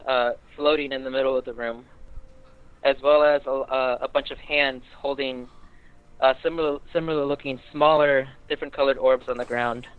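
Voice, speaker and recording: A man's voice: medium pitch, steady tone, normal speed, clear, resonant tone. A young man narrating a tabletop game as game master, hesitant with many fillers. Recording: tinny phone-like line.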